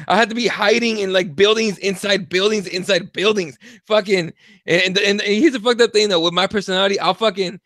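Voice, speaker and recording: A young man co-hosting a podcast, talking casually in an animated, profane way and acting out quotes. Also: high voice, dry recording. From Mexico. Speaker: podcast co-host. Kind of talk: casual opinion chat.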